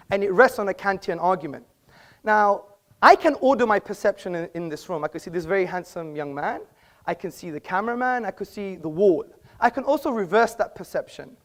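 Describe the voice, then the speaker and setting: Man debater on stage, emphatic and rhetorical, live hall speech. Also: high voice. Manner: emphatic, rhetorical, addresses the audience. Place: auditorium with an audience.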